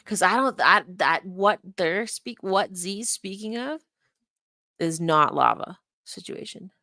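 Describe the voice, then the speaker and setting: A woman's voice: medium pitch, animated, slow pace, pushed and bright, dry recording. A woman casually commenting while watching a past live stream, thinking aloud and unpacking what happened. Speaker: stream reviewer.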